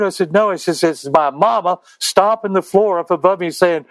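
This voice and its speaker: Older male guest, raconteur type, acts out quotes, slightly high voice, dry sound. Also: normal speed, hardly any pauses, no room sound, poor audio. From Texas. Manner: rambling, acts out quoted dialogue. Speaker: interview guest. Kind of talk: anecdotal storytelling.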